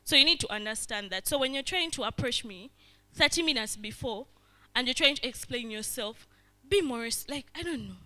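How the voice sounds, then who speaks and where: Woman running a workshop, bright voice, keeps asking the room if it makes sense. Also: a little high, expressive, fairly quick. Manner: constantly checks in with the audience, acts out little scenes. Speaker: workshop facilitator. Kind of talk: interactive workshop talk.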